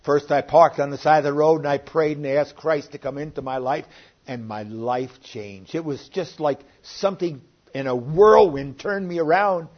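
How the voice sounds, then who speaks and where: An older man delivers a sermon in a plain, earnest way, his voice sitting a bit high for a man. He now and then swells louder to press a point. The recording is muffled and lo-fi. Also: moderate pace. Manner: earnest, plainspoken preaching with sudden rises in loudness. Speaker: pastor. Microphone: online sermon recording.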